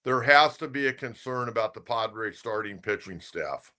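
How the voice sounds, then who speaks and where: A man's voice: lowish voice, lively intonation, moderate pace, sharp tone. An older man hosting a sports talk show, chatting and telling stories in an opinionated way, with frequent fillers. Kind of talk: casual sports talk commentary.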